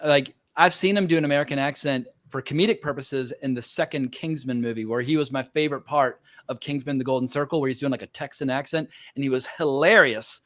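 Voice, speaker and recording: A man's voice: mid-range voice, fairly quick, hardly any pauses, fairly bright tone, dry recording. Man, podcast host, casual chat, opinionated, rambling with fillers, dry close sound.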